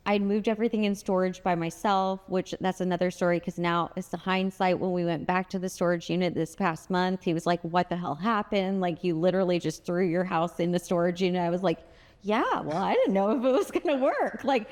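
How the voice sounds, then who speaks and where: A woman's voice: level tone, fairly quick, few pauses. Chatty woman telling a story, echoey. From United States (Bay Area). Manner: chatty, filler-heavy, acts out quoted dialogue in a higher voice. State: had lost her voice at the time told, not now. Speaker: podcast guest. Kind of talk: candid storytelling chat.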